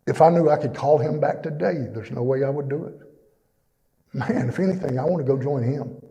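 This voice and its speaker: Dark-voiced man giving testimony. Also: on the high side, brisk. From East Texas. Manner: plainspoken and emotional, with many fillers. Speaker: church testimony speaker. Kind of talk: personal testimony. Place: church fellowship hall. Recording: long reverb in a church hall.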